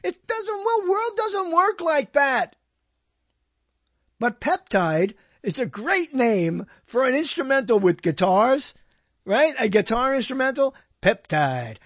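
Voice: high-pitched, animated, takes it slowly, a bit bright, dry recording. A solo host talking into a microphone in a digressive, jokey monologue, reading out quotes and wandering off topic. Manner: digressive, jokey, talks to self, hums and laughs. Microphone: close microphone.

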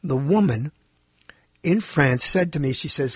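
Middle-aged male host, lively rambling delivery, dry close mic. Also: a little high, a little slow, breathy edge, dry recording. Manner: digressive, self-correcting, chuckles often. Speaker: podcast host. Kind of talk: rambling solo monologue.

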